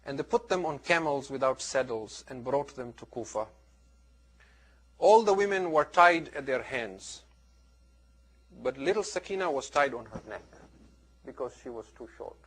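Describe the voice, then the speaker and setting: A man giving a religious lecture, telling stories in an earnest, animated way with big swings between loud and soft. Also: medium pitch, normal speed, long pauses, slightly rough. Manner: earnest, animated storytelling with wide swings in loudness. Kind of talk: sermon with storytelling.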